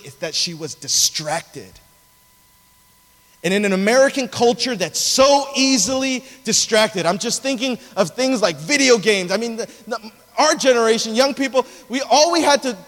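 A man delivers a sermon in a lively, conversational storytelling manner. His voice sits fairly high for a man. The sound rings out with the long reverb of a large cathedral. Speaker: preacher.

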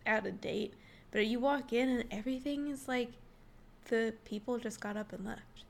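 A woman co-hosting a podcast, telling a story in a casual, animated way, acting out gasps and laughing often. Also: on the high side, moderate pace, gravelly, slight background noise. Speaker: podcast co-host.

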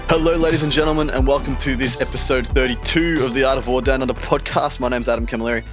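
A man's voice: mid-range voice, fairly even intonation, fast, over music. Chatty Australian man hosting a podcast. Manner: laughing, chatty, repeats words while thinking. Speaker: podcast host. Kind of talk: casual podcast chat.

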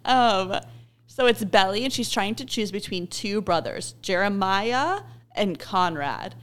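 Woman, podcast co-host, casual chat, bubbly, laughs a lot, mid pitch. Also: measured pace, smooth. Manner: bubbly, laughs often, animated.

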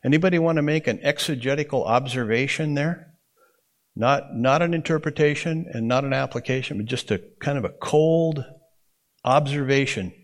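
A man's voice: medium pitch, normal speed. A man teaching a Bible interpretation class, explaining in a folksy way and often checking in with the room. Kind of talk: classroom lecture.

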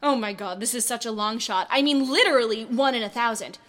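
A woman's voice: on the high side, brisk, fairly bright tone, close to an everyday voice. A woman voicing a nervous seventeen-year-old girl on her way to an audition, muttering an anxious, self-scolding inner monologue. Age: teens.

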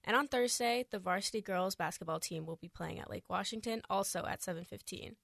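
A woman's voice: mid-range voice, fairly quick, gravelly, dry recording, studio quality. Woman reading a radio sportscast. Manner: steady newsreader delivery. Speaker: sports reporter. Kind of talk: scripted sports news read. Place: radio studio.

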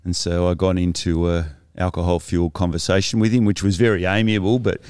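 A middle-aged man, a podcast guest telling his personal story in a reflective, halting way with many restarts. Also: low-pitched, level tone, darkish tone, clear, resonant tone, no echo, clean studio sound. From Australia.

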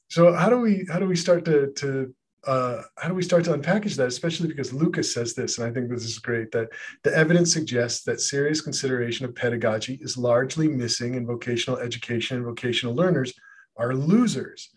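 Animated man with a husky voice. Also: mid-range voice, a little fast. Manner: animated, reads quotes aloud, many restarts. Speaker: podcast co-host, educational developer. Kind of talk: casual conversational podcast chat.

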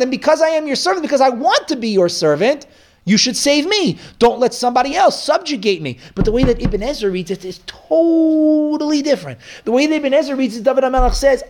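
Animated teacher giving a Bible lesson. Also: sits high, a little fast. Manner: animated, keeps asking "right?"; mixes Hebrew verses into English explanation. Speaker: Torah teacher.

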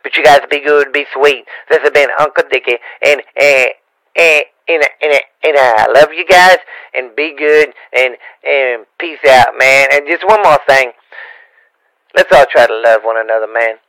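A man's voice: mid-range voice, moderate pace, fairly bright tone, no echo, rough recording. A man from Louisiana with a Cajun accent, chatting as a podcast guest in a rambling, stammering way with playful rhymes. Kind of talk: casual podcast banter.

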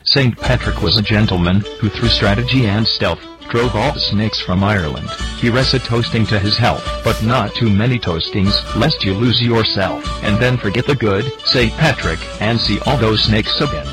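Low-voiced man reciting a toast. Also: moderate pace, hardly any pauses, over music, rough recording.

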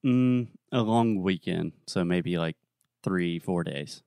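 A young adult man co-hosting a podcast, telling a story in a relaxed, casual way with plenty of fillers. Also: low voice, slow pace, gravelly, clear, resonant tone, no room sound, studio quality. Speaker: podcast co-host.

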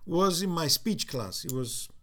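A man in his sixties with a Cypriot accent, recounting his life as an interviewee in a halting way with many fillers and restarts. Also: on the high side, very animated, fairly bright tone. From Cyprus. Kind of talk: reflective storytelling.

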